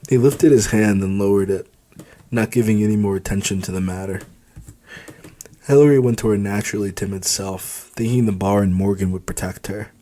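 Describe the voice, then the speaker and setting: Male audiobook narrator, lower voice, even first-person reading. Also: fairly quick. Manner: steady reading with occasional slips.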